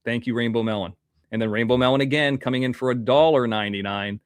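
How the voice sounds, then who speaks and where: A man's voice: medium pitch, fast talker, smooth, no echo. A man hosting a casual livestream, rambling as he reads out viewer donations while nursing a toothache. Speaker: livestream host.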